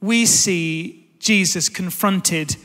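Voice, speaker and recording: A man in his thirties delivers a sermon in a big church, his voice pitched high for a man. He tells family stories in an animated, self-deprecating way. The sound carries a long reverb from the large hall. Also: drawn-out words. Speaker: pastor. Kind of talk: sermon with personal storytelling.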